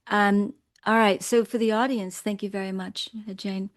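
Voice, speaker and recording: A woman in her sixties speaks as an interview guest, earnest and measured. She tells her own story with feeling at a steady middle pitch. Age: 60s. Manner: earnest, measured, emotional at times. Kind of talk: interview, personal account.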